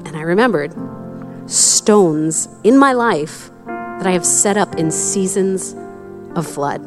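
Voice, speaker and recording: A young adult woman preaching a sermon in a conversational, candid way, with quick asides. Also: fairly low pitch, animated, music in the background. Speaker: pastor.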